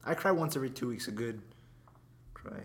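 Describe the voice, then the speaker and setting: A man's voice: mid-range voice, animated, a little fast. A teenage guy in casual chat, laid-back and teasing, laughing often.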